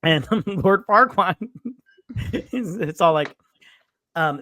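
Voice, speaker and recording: A man co-hosting a movie review podcast, retelling scenes in an animated way, jumping into character voices and swearing freely. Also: on the high side, takes it slowly, long pauses, no echo, clean studio sound. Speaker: podcast co-host. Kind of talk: casual movie review chat.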